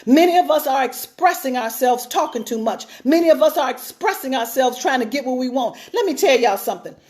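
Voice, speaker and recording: High-voiced woman preaching with emphasis. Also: animated, brisk, a little mellow. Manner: emphatic, repeats phrases for stress. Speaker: pastor. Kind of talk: sermon-style teaching talk.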